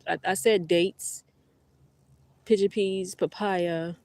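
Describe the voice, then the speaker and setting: The middle-aged woman streams casually from her garden, speaking slowly in a low, darkish voice with fairly even intonation. She rambles chattily to viewers on a phone held close, and the recording is dry.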